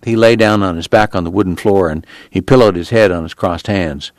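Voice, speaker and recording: A man reading a novel aloud in steady, measured narration. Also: deep voice, dry recording, studio quality. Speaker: audiobook reader.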